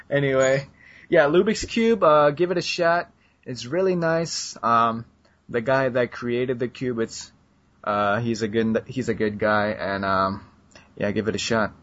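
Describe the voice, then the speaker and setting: A man's voice: medium pitch, slow, long pauses, a bit bright, a little hiss or hum. Guy cohosting a chat show, rambles with lots of ums, kinda muffled lo-fi audio. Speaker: podcast co-host. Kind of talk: casual chat. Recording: dull lo-fi sound.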